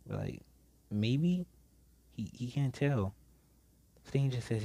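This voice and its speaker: A man casually telling a fan story, rambling and often restarting his sentences. His voice is fairly low and mellow. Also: measured pace, creaky, pauses often, no room sound.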